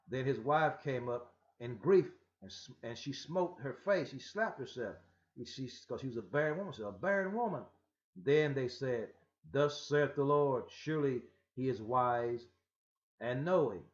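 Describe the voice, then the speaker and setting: A man gives a rambling scripture lesson, stumbling and restarting often but pressing each point with emphasis. His voice sits at an ordinary male pitch and comes through a dull, muffled lo-fi recording. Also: expressive, moderate pace. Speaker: religious teacher.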